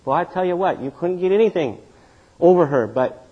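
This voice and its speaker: A middle-aged man preaching a sermon as pastor, telling stories with animated swings in pitch and loudness. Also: a little fast, husky, highs cut off.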